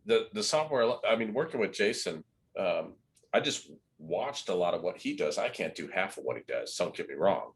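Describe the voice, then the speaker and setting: A man hosting a casual interview, telling lively stories and laughing at them. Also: low-pitched, moderate pace, breathy edge. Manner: lively storyteller, laughs at his own stories. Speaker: host.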